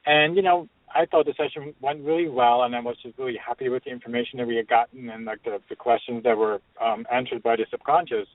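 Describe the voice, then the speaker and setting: A man, a hypnotherapist guest, speaking earnestly and haltingly, with repeated "I mean". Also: medium pitch, fairly even intonation, no echo. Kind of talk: conversational interview. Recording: dry tinny phone line.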